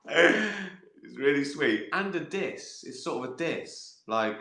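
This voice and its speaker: A man's voice: mid-range voice, lively intonation, slow, bright, forceful tone. A man hosting a casual livestream and answering viewer questions. He rambles, chuckles often and swears freely as he jokes. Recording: roomy echo.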